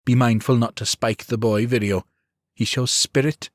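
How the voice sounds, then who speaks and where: A man's voice: medium pitch, steady tone, moderate pace, no room sound, clean studio sound, voice pushed up, lightly acted. A man doing a chortling sly outlaw woman. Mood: amused. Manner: amused, chortling.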